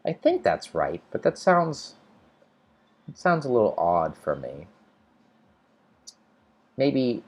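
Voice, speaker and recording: American guy doing a live english lesson, lowish voice, laid back, lots of ums while he reads chat. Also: slow, long pauses, slightly rough. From United States. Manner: relaxed, thinks aloud with fillers and restarts. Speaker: English teacher hosting a livestream. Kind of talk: casual livestream lesson, reading chat comments.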